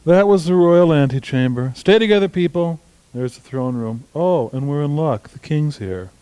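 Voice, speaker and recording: A man playing a pompous robot puppet in a comedy show, speaking with theatrical, mock-royal flair. His voice sits a little higher than most men's. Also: expressive, moderate pace, mellow, smooth, dry recording, lightly acted, rough recording. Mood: mock-grand.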